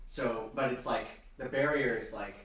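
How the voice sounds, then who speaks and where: A man's voice: mid-range voice, moderate pace, fairly bright tone, very echoey, distant mic, slight background noise, poor audio. A man narrating as game master, hesitant and full of ums and restarts.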